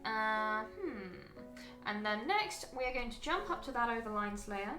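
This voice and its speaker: Bright-voiced woman narrating her painting. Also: on the high side, animated, measured pace, echoey room, faint music behind. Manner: chatty, thinking aloud while working, frequent ums. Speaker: digital painting streamer. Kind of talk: live-stream painting tutorial commentary.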